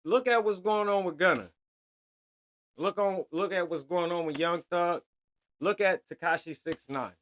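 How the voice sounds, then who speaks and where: A man's voice: high voice, moderate pace, a bit bright. A man hosting a solo podcast, talking bluntly in heavy street slang and lecturing his listeners. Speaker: podcast host.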